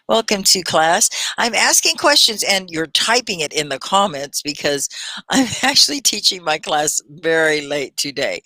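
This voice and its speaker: Woman, English teacher, low voice, careful clear diction, encouraging, live online lesson, dry close sound. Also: bright, forceful tone, no room sound. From Texas. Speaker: ESL teacher. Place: at home in central United States.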